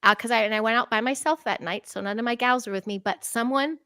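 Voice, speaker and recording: A woman openly sharing her own addiction and recovery story in a casual live talk show, animated and candid. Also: on the high side, fast, clean tone, dry recording. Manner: open, animated storytelling with laughs. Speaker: co-host.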